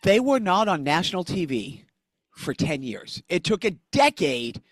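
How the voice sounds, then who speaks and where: A man's voice: sits high, big pitch swings, moderate pace, dry recording. A man co-hosting a podcast in casual chat, joking and teasing his co-host.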